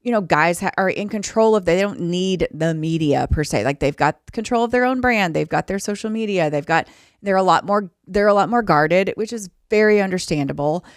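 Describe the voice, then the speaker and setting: A woman's voice: fairly low pitch, fairly quick, no echo, clean studio sound. A woman co-hosting a podcast, chatting casually and telling stories about her work in sports broadcasting. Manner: chatty storyteller, animated when quoting. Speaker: podcast co-host. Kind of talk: casual chat.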